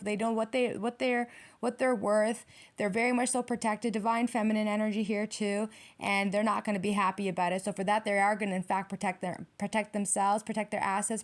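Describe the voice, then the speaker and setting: A woman giving a tarot reading straight to her viewers, blunt and heated, swearing freely. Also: on the high side. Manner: addresses viewers directly. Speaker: tarot reader.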